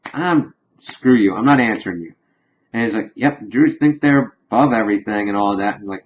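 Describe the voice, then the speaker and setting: Guy recapping an episode, lowish voice, loose and rambly, lots of "he's like". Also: dull audio. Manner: loose retelling with many fillers, quoting characters in a plain voice. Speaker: show reviewer.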